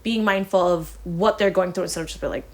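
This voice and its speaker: A woman hosting a casual podcast, talking in a chatty way with lots of fillers. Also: fairly low pitch. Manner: chatty, many fillers, quick affirmations. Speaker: podcast host.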